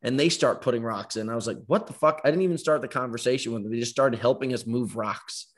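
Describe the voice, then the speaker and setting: A man in his thirties telling stories in casual chat as podcast host, animated, acting out other people's voices and swearing freely. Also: mid-range voice, fast talker.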